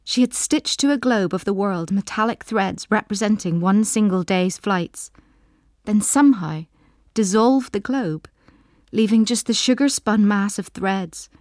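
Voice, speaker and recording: A woman reading a story in the second person, soft and intimate, sometimes dropping into a whisper. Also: medium pitch, measured pace, no room sound, clean studio sound. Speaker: narrator.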